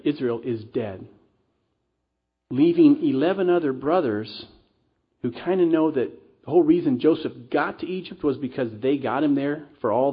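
Husky-voiced pastor preaching earnestly. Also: male voice, medium pitch. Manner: conversational, earnest preaching with casual asides. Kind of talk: sermon. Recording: dull lo-fi recording.

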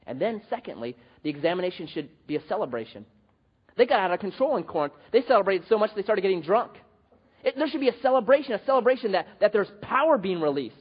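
Male pastor, sermon, animated storytelling, husky, slightly muffled recording. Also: high-pitched, a little fast. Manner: animated storytelling with acted quotes.

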